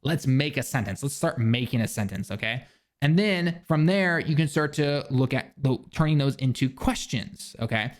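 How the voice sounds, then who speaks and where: A man's voice: mid-range voice, expressive, moderate pace. A young man talking casually to camera, giving loose, rambling tips for beginners with lots of restarts and fillers. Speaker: language learning vlogger. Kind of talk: casual instructional talk. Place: living in Japan.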